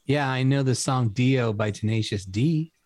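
A man on a casual podcast making dry, deadpan remarks. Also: mid-range voice, normal speed, dry recording. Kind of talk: casual chat.

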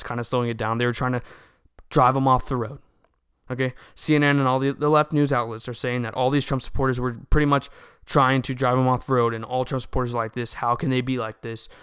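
A man in a casual opinion monologue, talking earnestly and a bit preachy, pausing to ask "okay?" and often restarting phrases. His voice is smooth and clear, at a middling pitch, and the recording is dry and close. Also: a bit bright, no room sound. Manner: earnest, lecturing, keeps asking "okay?". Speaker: political commentator.

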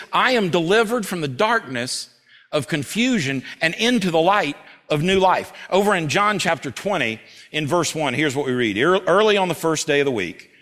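An earnest male pastor preaching at a church service, his voice sitting a touch higher than most men's. He swings between loud, urgent stretches and slow, hushed readings of scripture. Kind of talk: sermon. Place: church service before a congregation.

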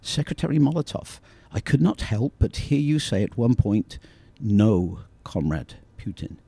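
A man reading as a wary reporter choosing his words with care, polite and measured, his voice moving up and down. Dry, close sound. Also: on the low side, sing-song, gravelly, dark tone, husky, no room sound, full character voice. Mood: cautious. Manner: careful, polite. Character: cautious, eager male reporter.

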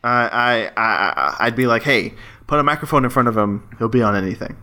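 A man's voice: medium pitch, brisk, bright, forceful tone. A man co-hosting a podcast in casual chat, rambling playfully with many restarts. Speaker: podcast co-host.

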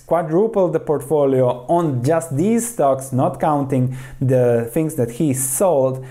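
A man with a warm, mellow voice talks through investing principles, pausing to read quoted passages aloud. His delivery is steady and explanatory, with frequent small restarts as he catches a word mid-way. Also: fairly high pitch. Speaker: investing commentator.

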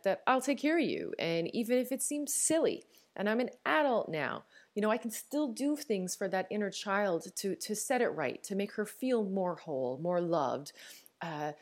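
A woman's voice: medium pitch, animated, moderate pace. Newfoundland woman, candid podcast host. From Newfoundland, Canada. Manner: warm and candid, laughs often, frequent fillers and restarts. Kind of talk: reflective personal podcast talk.

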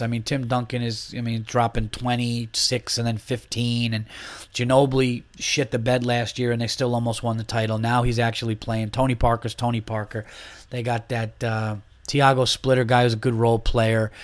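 Speaking at medium pitch with no room sound, a man hosts a podcast and rants about basketball. His style is blunt, profane and opinionated, full of restarts.

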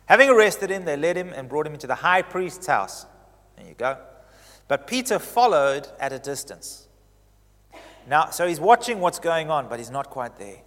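Preacher in a reverberant hall. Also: male voice. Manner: expressive storytelling, swinging from emphatic highs to hushed reflection. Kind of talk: sermon.

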